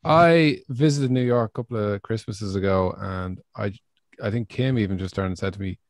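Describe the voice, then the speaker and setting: Low-voiced Irish man, relaxed. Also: normal speed, no echo, studio quality. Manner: relaxed, hesitant, with fillers. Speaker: podcast co-host. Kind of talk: casual podcast chat.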